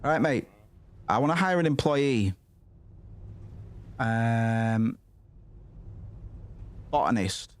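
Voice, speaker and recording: A man's voice: mid-range voice, expressive, takes it slowly, pauses often. Sweary young man gaming. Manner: sweary, rambling, muttering asides. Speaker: gaming streamer. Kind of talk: casual gameplay commentary.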